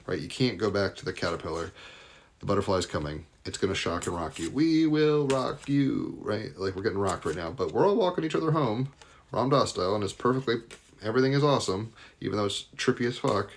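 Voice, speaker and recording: A man giving a live daily tarot and astrology reading, talking loosely and enthusiastically with rambling asides. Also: low-pitched.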